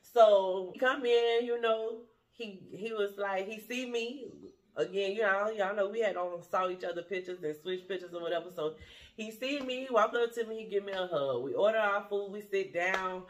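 A woman's voice: medium pitch, moderate pace. A woman vlogger telling a dating story to her viewers in a blunt, profane, laughing way.

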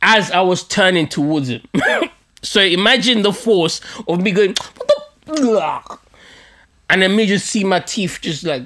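A man's voice: sits high, normal speed. A man hosting a podcast, telling a story in a casual, profane, self-mocking way. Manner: animated, profane, laughing at himself. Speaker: podcast host.

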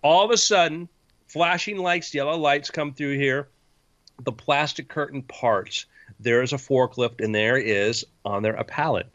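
A man's voice: mid-range voice, unhurried, a bit bright, no room sound. A man acting as game master, setting scenes playfully and vividly on a slightly muffled dry recording. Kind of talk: narrating a tabletop game.

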